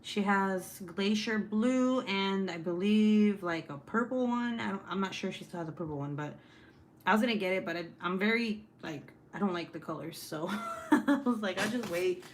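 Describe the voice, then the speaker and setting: A woman's voice: medium pitch, sing-song, normal speed, slight background noise. A young adult woman hosting a casual livestream from home, chatting while reading comments, laughing often and swearing freely. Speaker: livestream host. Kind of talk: casual live-stream chat reading comments.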